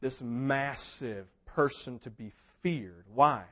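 A man preaching a sermon, telling a story with big swings between loud, excited passages and hushed ones, sometimes acting out what characters say. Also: medium pitch, slow. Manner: mimics characters in quoted asides. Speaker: pastor.

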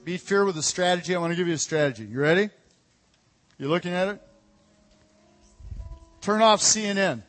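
A man preaching a sermon as pastor, energetic and conversational, calling out to his congregation. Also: sits high, brisk, long pauses, soft background music. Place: church hall. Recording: echoey hall.

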